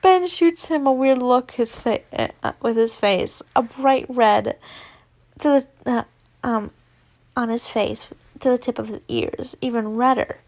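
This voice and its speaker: A woman's voice: on the high side, measured pace, darkish tone. A young woman reading a fanfiction story aloud casually, stumbling over words and chatting in asides. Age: young adult. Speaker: fanfiction reader.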